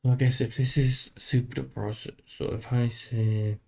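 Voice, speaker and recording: A man streaming live while coding a game, thinking aloud in a halting, self-deprecating way. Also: medium pitch, level tone, creaky, dark tone.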